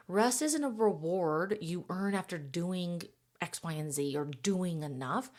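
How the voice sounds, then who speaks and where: A woman's voice: on the low side, expressive, measured pace, darkish tone. A woman in her thirties hosting a podcast, coaching other moms in a casual, encouraging monologue and laughing at herself now and then. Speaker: podcast host and mom coach.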